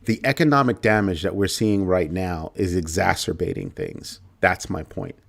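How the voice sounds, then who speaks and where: A man with a somewhat low voice hosts a livestream commentary. He talks emphatically, hammering his points by repeating key phrases. He breaks off now and then to answer viewer comments. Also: lively intonation, normal speed, gravelly. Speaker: show host.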